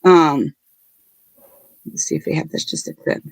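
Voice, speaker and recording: A woman hosting a casual livestream, talking in an earnest, halting and apologetic way. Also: low-pitched, very animated, creaky, no room sound. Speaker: livestream host.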